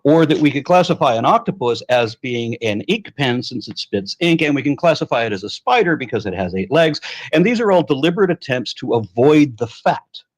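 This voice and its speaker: A man explaining scientific concepts in a measured, academic way during a debate. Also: mid-range voice, lively intonation. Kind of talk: debate argument.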